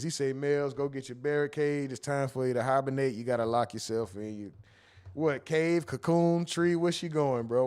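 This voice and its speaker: A man's voice: medium pitch, steady tone, moderate pace, a little mellow, smooth. A man hosting a casual livestream, reading chat comments aloud and joking about them.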